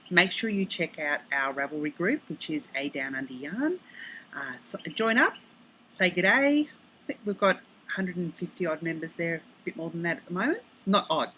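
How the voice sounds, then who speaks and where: Chatty Australian woman, low-pitched. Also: a bit bright, slight background noise, poor audio. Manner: chatty, rambling, self-correcting with quick asides. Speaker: podcast host. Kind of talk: casual chat. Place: outdoors on her home deck.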